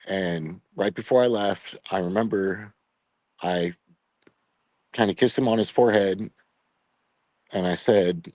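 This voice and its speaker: A middle-aged man with a deep, low voice tells a painful personal story as a podcast guest. He speaks reflectively, pausing and restarting with fillers as emotion rises. The sound is dry and close, with no room around it. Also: a little mellow, dry recording. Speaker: retired Air Force veteran guest.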